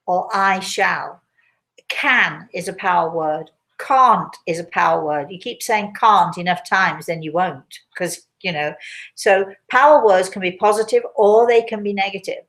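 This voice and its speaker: A woman's voice: fairly low pitch, unhurried, fairly bright tone, low-quality recording. Chatty older woman answering questions. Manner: chatty, repeats phrases, restarts often. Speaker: spiritual medium answering questions. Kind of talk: casual live Q&A talk.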